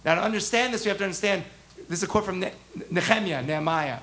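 A man teaching a text class as a rabbi, animated, asking the class questions and acting out the prophets' voices. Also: high-pitched, quick pace. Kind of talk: interactive text lesson.

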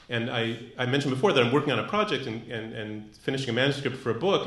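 A man with a mid-range, fairly bright voice gives a thoughtful live talk to a room full of listeners. The space echoes, and his delivery is full of fillers and false starts.

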